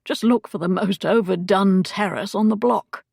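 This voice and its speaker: A woman's voice: medium pitch, normal speed, vocal fry, darkish tone, husky, dry recording, studio quality. A woman narrator voicing a talkative elderly man who chats eagerly. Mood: chatty. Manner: chatty and eager. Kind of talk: audiobook character voice.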